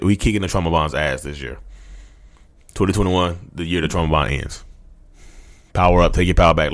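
Man, 30s, very deep voice, quick delivery, fervent rambling rant, podcast host. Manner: rambling, repetitive, fervent, addresses listeners as y'all. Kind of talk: impassioned motivational rant.

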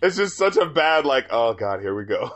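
A man's voice: medium pitch, big pitch swings, normal speed, a bit bright. A man co-hosting a casual album review podcast, laughing often and mocking the lyrics he quotes. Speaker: podcast co-host.

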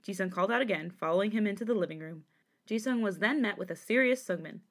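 A woman podcast host reading a fan fiction story aloud, lively and quick to laugh between passages. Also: medium pitch.

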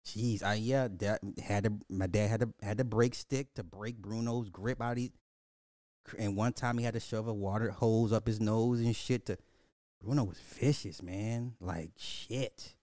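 Telling stories on his podcast, a middle-aged host keeps things casual and animated, laughing often and swearing freely. His voice is on the low side and a little slow, recorded cleanly in a studio without room sound.

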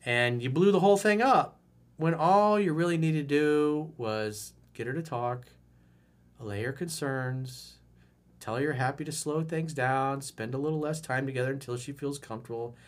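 A man's voice: mid-range voice, normal speed. A middle-aged male dating coach giving blunt, frank advice in a monologue, acting out quotes along the way.

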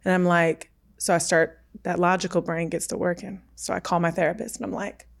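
A woman in her thirties, a podcast guest, telling a personal story in a candid, emphatic, unhurried way. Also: fairly low pitch, level tone, gravelly.

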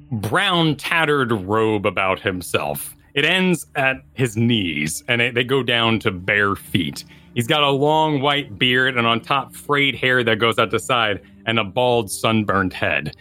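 A man's voice: medium pitch, bright, forceful tone. A man narrating a tabletop game as game master, with vivid descriptive detail.

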